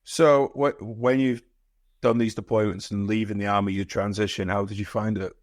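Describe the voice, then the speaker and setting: A man hosts a casual interview, throwing out short, easygoing questions. His voice sits somewhat low. The sound is dry, with no room echo. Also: normal speed. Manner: relaxed and matey, short prompts. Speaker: podcast host, interviewer.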